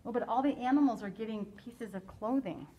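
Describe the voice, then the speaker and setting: A woman teacher reading a picture book aloud to children, animated, stopping to explain and ask questions in a classroom. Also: fairly high pitch, fairly quick, rough recording.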